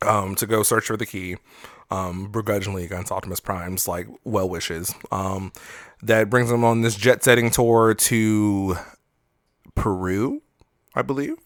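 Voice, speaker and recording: Low-voiced man recapping a movie casually. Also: fairly even intonation, measured pace, no room sound, studio quality. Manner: rambling recap with profanity and acted-out quotes. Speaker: podcast co-host. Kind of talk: casual movie review chat.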